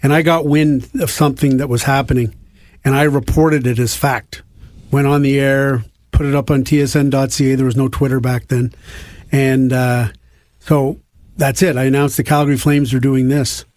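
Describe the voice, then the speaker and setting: A man's voice: medium pitch, steady tone, normal speed, darkish tone, no room sound. A middle-aged man from Canada, a hockey insider, telling self-deprecating stories on a podcast in a studio. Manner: self-deprecating anecdotes with restarts. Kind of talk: casual podcast storytelling.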